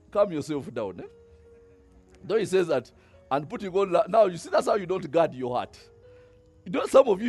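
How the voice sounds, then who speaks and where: Lively pastor preaching, husky voice. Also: male voice, fairly high pitch. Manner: lively, conversational preaching with rhetorical questions and laughs. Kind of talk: sermon.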